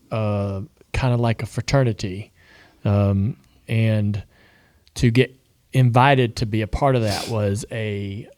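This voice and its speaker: A man hosting a casual conversation, relaxed and hesitant with fillers. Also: mid-range voice, no echo. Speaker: host.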